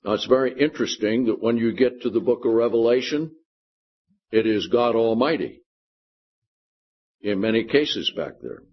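Male pastor, husky voice, patient verse-by-verse Bible teacher, dull lo-fi sermon tape. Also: medium pitch, lively intonation, moderate pace, long pauses. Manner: explains scripture verse by verse, often checks in with "Okay?".

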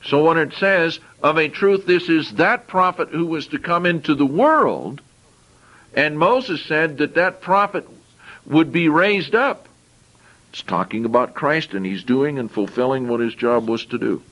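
A man's voice: on the high side, animated, measured pace, fairly bright tone, low-quality recording. A man preaching a sermon. He reads scripture aloud and explains it in plain, conversational asides, often repeating and restarting phrases.

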